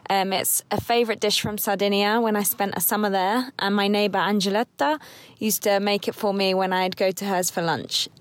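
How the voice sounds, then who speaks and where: Woman listener, casual recorded message, dry close sound, medium pitch. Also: fairly even intonation, normal speed, no echo.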